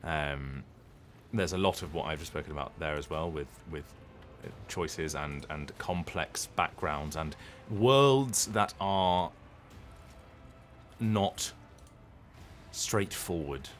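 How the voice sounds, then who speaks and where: A voice actor chatting casually on a live stream, rambling and hesitant with lots of ums and restarts. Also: male voice, very deep voice, slow pace, fairly bright tone, a little hiss or hum.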